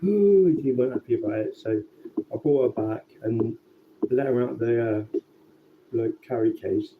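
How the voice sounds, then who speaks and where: A man telling a rambling, sweary story in a casual, relaxed way. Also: medium pitch, normal speed. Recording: tinny phone-like sound with faint background noise.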